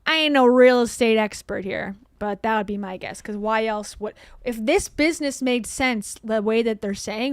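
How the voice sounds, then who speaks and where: A woman's voice: fairly high pitch, dry recording. A woman streaming casual reaction commentary, chatty and sarcastic, laughing often.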